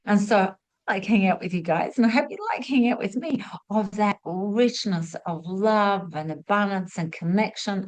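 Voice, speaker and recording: A middle-aged woman who hosts a spiritual masterclass, giving a chatty, expressive motivational talk to camera. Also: medium pitch, rough recording. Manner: chatty and expressive, acts out little quotes. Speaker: spiritual teacher hosting a masterclass.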